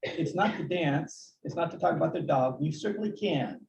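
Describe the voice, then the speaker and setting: A man's voice: a little high, normal speed, creaky, darkish tone. A man, a real estate agent, giving sales advice at a town hall in an earnest coaching tone, often restarting his sentences. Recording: distant, dull, echoey room audio with faint noise.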